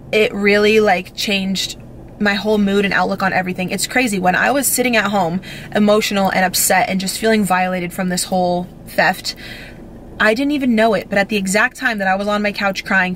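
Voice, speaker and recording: A young woman at home tells an emotional storytime vlog while teary and close to tears, gushing breathlessly and leaning heavily on fillers. She speaks at a medium pitch with a slightly bright tone over a light background hiss or hum.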